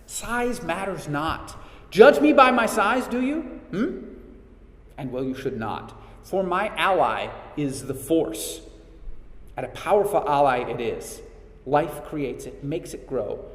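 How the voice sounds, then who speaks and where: A man quoting a tiny, wise, ancient male alien master, speaking slowly in inverted sentences, in a room with a long echo. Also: a little high, big pitch swings. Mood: solemn. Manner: slow, measured, inverted sentences. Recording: echoey hall reverb.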